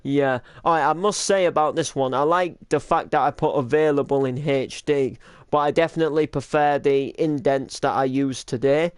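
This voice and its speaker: A man's voice: on the high side, steady tone, normal speed, smooth, no echo, studio quality. Young man rambling through a reaction video. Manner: rambling, lots of likes and restarts. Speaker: channel host reacting to old videos. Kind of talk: casual reaction commentary.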